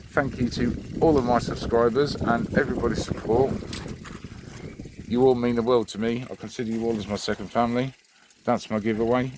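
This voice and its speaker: A man's voice: fairly low pitch, noisy background. A man hosting his own channel, chatting in a rambling, friendly way. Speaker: channel host. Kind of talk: casual vlog address.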